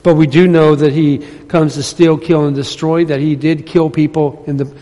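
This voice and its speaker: In a church sanctuary filled with long hall reverb, a male pastor delivers a conversational sermon that builds to emphatic points. His voice sits on the high side, with a flat delivery, moderate pace and dark tone.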